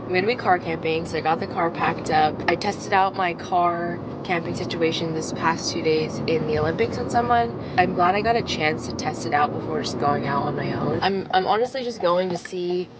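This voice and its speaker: A woman's voice: fairly low pitch, normal speed, few pauses, heavy background noise. A young woman chatting casually to the camera while hiking outdoors, rambling with lots of fillers. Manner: chatty, rambling with many likes. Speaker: vlogger. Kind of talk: casual vlog talk to camera. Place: outdoors on a mountain hiking trail. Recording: vlog footage with background music. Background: music, outdoor ambience.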